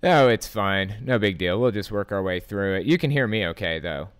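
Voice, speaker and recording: A man hosts a casual call-in podcast, easygoing and reassuring with his guests. His voice sits low and sounds smooth and clean. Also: animated, normal speed. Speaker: podcast host.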